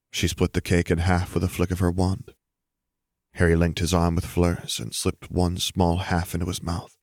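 Low-voiced guy reading a story aloud, steady and measured, dry close sound. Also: creaky, dry recording. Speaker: narrator. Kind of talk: audiobook reading of fan fiction.

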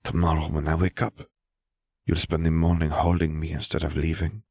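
A man voicing a tender young French woman who murmurs softly. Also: extremely low pitch, little pitch movement, normal speed, creaky, slightly rough, no echo, clean studio sound, full character voice. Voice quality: soft, murmuring.

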